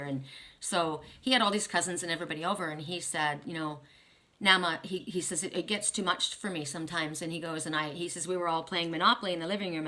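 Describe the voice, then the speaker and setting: A woman's voice: sits low, pushed and bright. An older woman reading oracle cards who talks in a rambling, emotional way, with many restarts. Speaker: oracle card reader. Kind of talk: casual spiritual talk.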